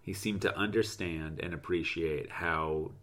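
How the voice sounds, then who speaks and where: A man's voice: low-pitched, fairly even intonation, measured pace, fairly bright tone. A man co-hosting a podcast in casual chat, trading dry, sardonic jokes. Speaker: podcast co-host.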